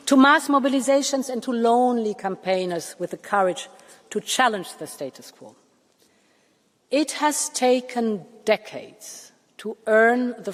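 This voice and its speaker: Woman giving a measured speech in a reverberant hall. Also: fairly high pitch. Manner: measured, emphatic, with deliberate pauses. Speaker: Commission president addressing parliament. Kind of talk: formal political speech. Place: large parliament chamber. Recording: long reverb of a large hall.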